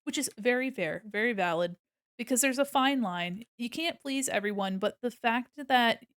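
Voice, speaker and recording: A woman's voice: fairly high pitch, moderate pace, a bit bright, no echo. Chatty American woman, dry close sound. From United States. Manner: chatty, giggly, thinks aloud as she works. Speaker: art streamer. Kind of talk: casual chat while drawing on stream.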